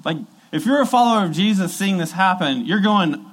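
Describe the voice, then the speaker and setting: An earnest male preacher delivering a sermon with emphasis, circling back to repeat his key phrases. His voice sits slightly high for a man. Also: expressive, a little fast, hardly any pauses, low-quality recording.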